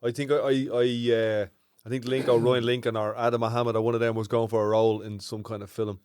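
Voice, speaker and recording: A man hosting a podcast, chatting in a relaxed, informal way. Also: medium pitch, quick pace, smooth, dry recording, clean studio sound. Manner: relaxed, swears casually. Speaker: podcast host. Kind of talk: casual chat.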